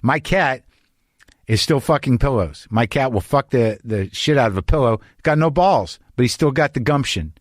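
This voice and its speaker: A middle-aged man hosting a podcast, delivering an anxious, rambling, profane comic monologue in a deadpan way before chatting with a guest in his home studio. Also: mid-range voice, normal speed, no echo. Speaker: podcast host.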